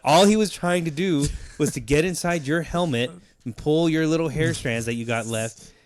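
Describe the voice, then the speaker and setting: A man's voice: a little high, normal speed. A man co-hosting a podcast, chatting casually, joking, laughing often and swearing freely. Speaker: podcast co-host. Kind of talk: casual chat.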